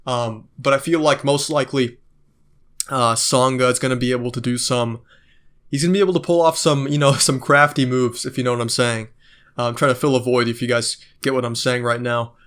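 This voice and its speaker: A man's voice: medium pitch, fairly even intonation, a little fast, a bit bright, clear, resonant tone. Brief: male vlogger, mid-range voice, rambling and heated, curses freely. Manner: ranting, profane, many fillers. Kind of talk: casual monologue.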